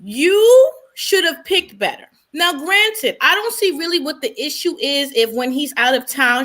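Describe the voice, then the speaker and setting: A woman's voice: high-pitched, pushed and bright. A woman chatting casually as a co-host, sassy and opinionated as she reacts to a reality show. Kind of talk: casual chat.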